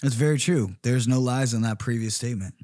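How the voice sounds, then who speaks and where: A man's voice: mid-range voice, fairly quick, dark tone, no echo, clean studio sound. A man hosting a podcast, laid-back and jokey in casual chat. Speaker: podcast host.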